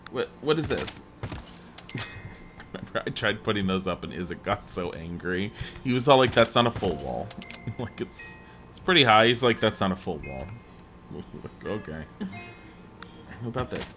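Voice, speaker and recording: Man, game streamer, thinks aloud, laughs a lot, animated pitch, faint music behind. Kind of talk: live-streamed gameplay chat.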